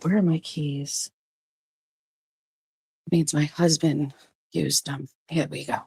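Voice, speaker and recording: Husky, chatty woman vlogging at home. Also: level tone, slow pace, dark tone, dry recording. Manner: chatty, coos at her dogs in a high baby voice. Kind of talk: casual vlog chat.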